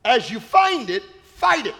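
A male pastor preaching a sermon, emphatic and repetitive, with playful asides and sudden shouted peaks. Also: extremely high pitch, very animated, unhurried, gravelly.

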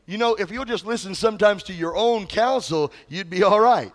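A man's voice: high-pitched, fairly quick. A male pastor preaching a sermon in a conversational way, often asking the congregation questions.

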